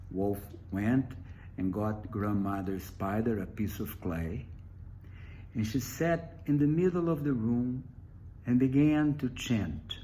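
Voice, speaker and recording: A man telling a traditional animal story for children, reading expressively with dramatic pauses. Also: medium pitch, mellow.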